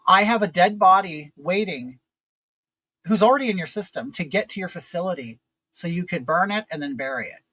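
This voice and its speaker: A man's voice: high voice, lively intonation, brisk, sharp tone, no echo, low-quality recording. A man hosting a casual chat, telling a frustrating story in an exasperated, rambling way with many fillers. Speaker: vlog host.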